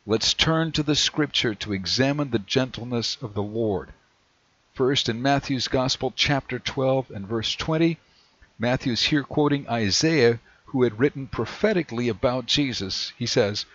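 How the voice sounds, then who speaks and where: A man preaching a sermon in a measured way, slowing down whenever he reads scripture aloud. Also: medium pitch, fairly bright tone, no echo. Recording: dry, dull lo-fi recording.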